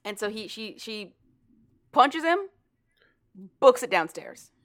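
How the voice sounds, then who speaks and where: Animated woman retelling a story. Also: on the high side, slow pace. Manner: animated, profane, laughs often while retelling. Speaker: podcast co-host recapping a story. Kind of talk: casual chat.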